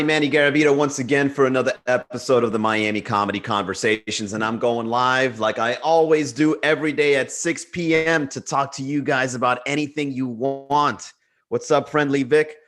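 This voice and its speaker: Male comic hosting a live stream, fairly high voice, casual and worked up. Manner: animated, ranting and jokey. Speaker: comedian hosting a daily livestream. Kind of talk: casual livestream chat giving viewer shout-outs.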